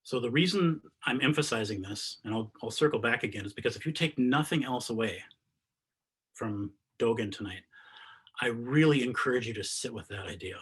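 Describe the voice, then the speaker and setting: A man teaching meditation in an earnest spiritual talk over a video call, rising to emphatic questions and dropping to soft, quiet endings. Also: mid-range voice, fairly quick, husky.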